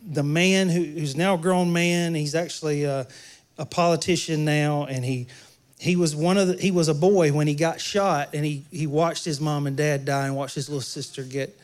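A man's voice: fairly high pitch, steady tone, normal speed. A man preaching a sermon in a church, talking conversationally and joking with the congregation. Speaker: pastor.

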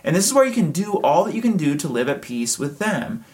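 A man's voice: a little high, a little fast. Conversational pastor, man with a raised voice. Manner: conversational, animated, acts out imagined dialogue. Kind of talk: sermon.

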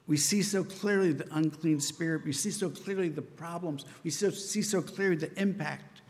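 Male pastor, earnest conversational preaching, slightly higher voice, long church-hall reverb. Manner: earnest, conversational preaching with frequent "right?" asides. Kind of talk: sermon.

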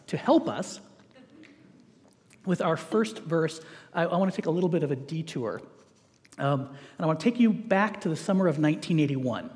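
High-voiced man preaching in a reverberant hall. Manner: lively and joking, acts out voices in asides. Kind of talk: sermon.

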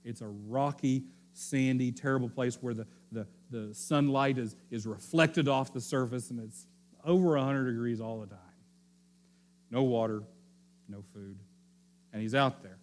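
A male pastor giving a sermon, telling the story with animated, repeated phrases and frequent restarts. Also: mid-range voice, a little slow.

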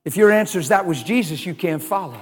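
Animated preacher man in a reverberant hall. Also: sits high, quick pace. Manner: animated, shouting exclamations, laughing asides. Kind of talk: sermon.

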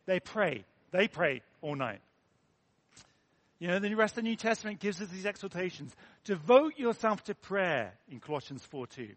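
A man's voice: high voice, big pitch swings, moderate pace, fairly bright tone. An English man preaching a sermon in an earnest, conversational way, with self-deprecating asides.

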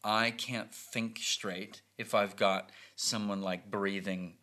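Low, bright-voiced man telling a story. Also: takes it slowly. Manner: animated, acts out quoted lines. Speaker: podcast host telling a family story. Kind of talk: casual storytelling.

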